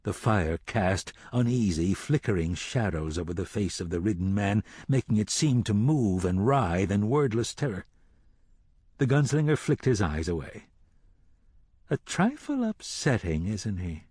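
A man reads fantasy narration slowly and dramatically. His low voice is husky and lively in pitch. It sounds dry and close to the mic. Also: no echo. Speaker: audiobook narrator. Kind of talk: scripted narration.

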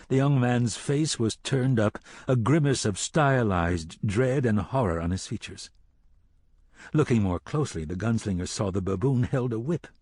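A man narrating a dark fantasy audiobook in a slow, dramatic reading. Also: mid-range voice, no echo. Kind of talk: scripted narration.

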